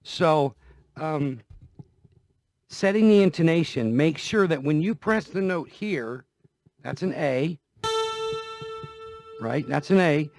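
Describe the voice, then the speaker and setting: A man's voice: fairly high pitch, lively intonation, slow pace, vocal fry, long pauses, a little mellow. A man talking casually and folksily about guitar care, repeating himself as he goes, with a guitar heard now and then. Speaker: guitar vlogger. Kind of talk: casual demonstration talk. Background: guitar playing.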